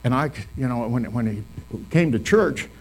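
A man's voice: medium pitch, expressive, moderate pace, slight background noise. A male pastor giving a funeral eulogy in a full service hall, telling folksy stories and repeating phrases for emphasis.

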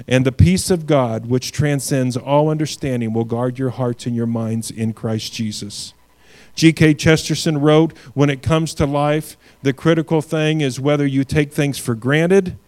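A man's voice: on the high side, darkish tone. Man preaching with rising emphasis. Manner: preaching with swelling emphasis, reading scripture aloud. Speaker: pastor. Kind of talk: sermon.

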